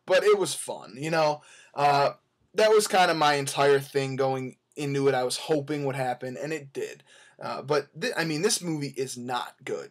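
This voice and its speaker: A young man talking casually as he reviews a movie, rambling along with many fillers and restarts. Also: fairly high pitch.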